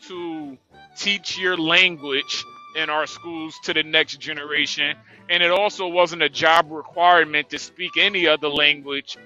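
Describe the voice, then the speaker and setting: Male panelist, slightly higher voice, halting restarts, muffled audio. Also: bright, forceful tone. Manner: halting starts, then explains at length. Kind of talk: online panel discussion.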